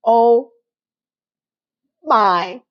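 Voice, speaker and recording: A woman giving a casual, animated recap of a TV episode, telling the story with voiced quotes. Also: fairly high pitch, extremely slow, lo-fi sound. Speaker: TV recap vlogger.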